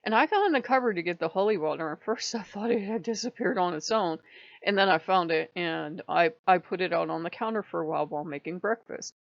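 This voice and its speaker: Lady with a gravelly low voice chatting away, laughs a lot, dull dry lo-fi sound. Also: expressive, fast, dry recording. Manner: rambling, laughs often between lines. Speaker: channel host. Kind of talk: casual storytelling monologue.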